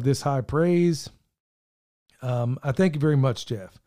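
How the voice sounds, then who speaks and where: A man's voice: fairly high pitch, expressive, measured pace, long pauses. A middle-aged man, co-hosting a podcast in earnest, rambling casual chat, his voice wearing thin. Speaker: podcast co-host.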